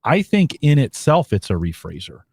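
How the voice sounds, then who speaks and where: A man co-hosting a podcast, talking in a thoughtful, measured way with frequent fillers. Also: medium pitch, sing-song, creaky, darkish tone, husky, dry recording, clean studio sound. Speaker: podcast co-host. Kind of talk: casual podcast chat.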